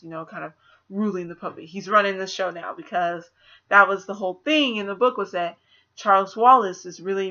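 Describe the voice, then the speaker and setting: Chatty woman reviewing a movie. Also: on the low side. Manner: chatty and animated, acts out quotes with laughs. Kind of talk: casual spoiler movie review. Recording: slightly dull lo-fi audio.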